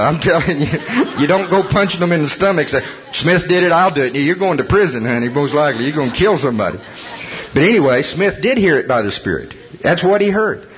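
A man preaching a sermon, telling a story with animated delivery, chuckling and acting out the voices of people in it. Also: a little high. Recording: dull lo-fi sermon recording.

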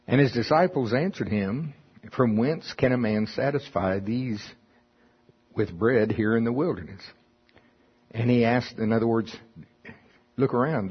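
A man's voice: medium pitch, animated, a little slow, husky, highs cut off. A man preaching folksy Bible teaching, reading scripture aloud and explaining it with chuckling asides.

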